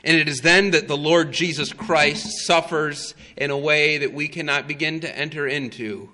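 A man preaching a sermon, his voice bright and forceful and set a little high. He tells the story with slow emphasis and frequent "uh" fillers. Long reverb from a large hall trails behind his words. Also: steady tone, soft background music.

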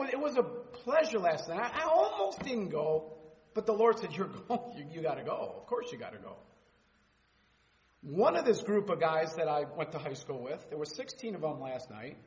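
A man in his fifties with a notably high voice gives an informal sermon, drifting between personal stories and scripture read in a raised, declaiming tone. He stumbles over repeated words and restarts his sentences. The sound is muffled and carries a long hall reverb. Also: a bit bright. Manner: rambling, repeats words and restarts mid-phrase. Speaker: Bible study teacher.

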